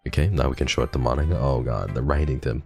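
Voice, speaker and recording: Deep gravelly male streamer. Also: fast talker, soft background music. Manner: soft, affectionate and emotional with chat. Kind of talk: emotional game playthrough with chat.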